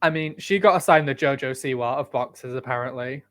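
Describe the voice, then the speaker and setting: A man's voice: mid-range voice, fairly quick, fairly bright tone. A man from the United Kingdom co-hosting a podcast, chatting casually with dry, sarcastic asides. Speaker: podcast co-host. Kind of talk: casual chat.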